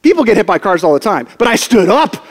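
A man with a bright, high voice preaches to his church, spinning a story with comic timing and acted-out lines. His words carry a long, reverberant hall sound. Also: big pitch swings, fast talker. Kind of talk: storytelling sermon.

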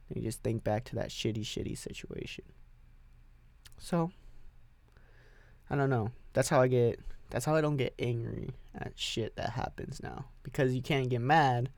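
A man's voice: medium pitch, creaky, a little mellow, no echo. A young man hosting a solo podcast from his home music setup, rambling in an offhand, profane way. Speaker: podcast host.

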